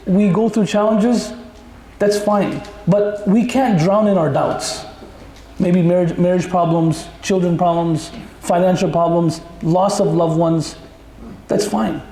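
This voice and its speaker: A man's voice: high-pitched, mellow, a little hiss or hum. A male Islamic teacher giving a conversational Quran lesson full of stories and jokes for the audience. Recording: echoey room.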